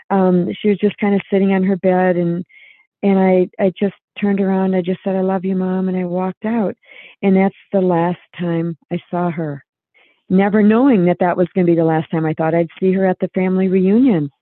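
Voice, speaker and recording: A woman's voice: fairly low pitch, dry recording. Earnest woman on a tinny phone line. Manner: earnest, reflective, many restarts. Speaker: guest author. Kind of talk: emotional personal storytelling.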